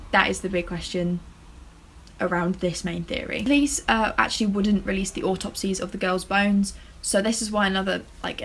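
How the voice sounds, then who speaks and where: A woman's voice: medium pitch, a little hiss or hum, rough recording. Chatty woman vlogger who stumbles over words. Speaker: true-crime vlogger. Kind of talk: casual to-camera talk.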